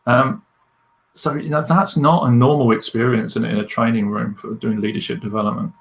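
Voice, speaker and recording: A man, talking as a leadership coach in a podcast interview. He is candid and animated as he tells stories. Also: medium pitch, normal speed, vocal fry.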